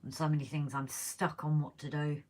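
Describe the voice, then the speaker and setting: A woman's voice: deep voice, level tone, normal speed, a little mellow. A woman hosting a casual live stream as she works on a model railway, chatting and reading viewer comments aloud. She is losing her voice. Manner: chatty, talks while working, reads out viewer comments. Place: indoors at a model railway layout.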